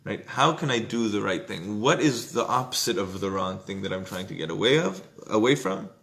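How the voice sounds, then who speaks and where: A man teaching an informal Jewish text study class, conversational, often checking in with "right?" and loudly acting out inner voices. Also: lowish voice, animated, normal speed, vocal fry.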